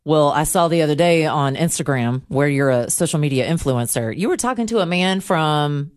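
A woman hosting a podcast, asking questions in a relaxed conversational way. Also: low voice, moderate pace. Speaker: podcast host. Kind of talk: casual interview chat.

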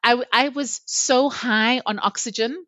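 A woman's voice: a little high, unhurried, dry recording. Candid woman telling her story. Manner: lively, candid, laughs often while telling the story. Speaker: interview guest. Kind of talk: personal storytelling in a podcast chat. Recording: dull, slightly lo-fi dry recording.

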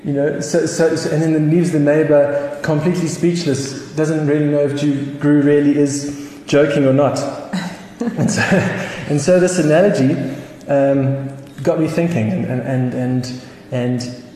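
Mellow-voiced South African pastor. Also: male voice, fairly high pitch, fairly even intonation, unhurried. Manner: storytelling with chuckles and restarts. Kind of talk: sermon. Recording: echoey hall with faint noise.

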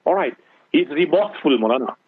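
A man's voice: on the high side, expressive, fast, slightly rough, no echo, narrow, tinny audio. A man who is a guest Islamic scholar on a radio talk show, giving earnest, preaching advice and mixing in Urdu phrases.

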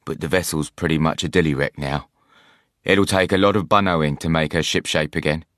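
A man's voice: extremely low pitch, steady tone, brisk, fairly bright tone, dry recording, studio quality. A man voicing an older, worldly male ship's pilot in an audiobook, teasing and drawling. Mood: gossipy. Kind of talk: audiobook character voice.

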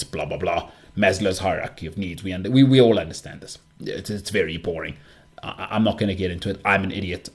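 A man talking in a relaxed solo podcast monologue, with a somewhat low voice. He rambles, restarts his sentences and pokes fun at himself as he muses. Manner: rambling, self-deprecating, many restarts. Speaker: podcast host.

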